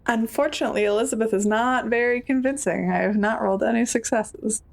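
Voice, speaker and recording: Woman, tabletop game player, easygoing, slightly high voice. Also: brisk, gravelly. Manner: easygoing, describes her character's actions.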